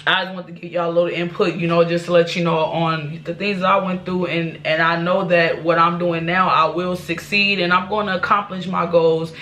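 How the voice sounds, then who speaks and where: A woman's voice: on the low side, little pitch movement, fairly quick, hardly any pauses, fairly bright tone. A woman vlogger telling a personal life story to her viewers, candid and rambling, with restarts and asides. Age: adult.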